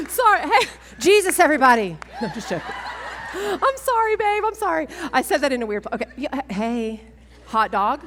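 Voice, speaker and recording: A woman, giving a testimony talk at a women's church event, animated and self-mocking, laughing often. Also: a little high, a little hiss or hum. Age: 40s. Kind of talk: sermon-style testimony talk. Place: large church hall. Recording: long church hall reverb.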